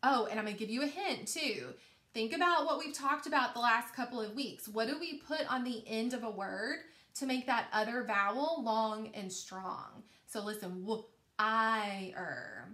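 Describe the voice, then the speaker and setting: A woman teaching a recorded phonics lesson to young children, slow and encouraging, stretching out each sound. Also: a little high, animated, bright, forceful tone, echoey room.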